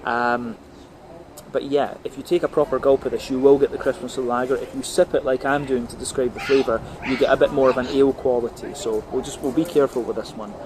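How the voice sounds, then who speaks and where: Guy doing a slow careful beer tasting review, lots of ums, steady hum and noise behind him. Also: mid-range voice. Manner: methodical, talks through flavours layer by layer with many fillers. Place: on a brewery visit.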